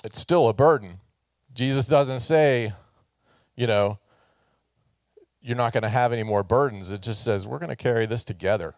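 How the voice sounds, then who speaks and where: A man's voice: mid-range voice, moderate pace, darkish tone, no room sound, studio quality. A man preaching a sermon to a congregation, casual and joking, asking the listeners to answer and raise hands. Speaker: pastor.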